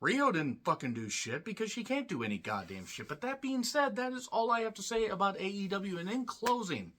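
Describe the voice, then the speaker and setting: Ranting man with a lively, bright voice. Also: sits high, a little fast. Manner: ranting, blunt and profane; clears his throat often. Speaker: wrestling show reviewer. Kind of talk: solo review monologue.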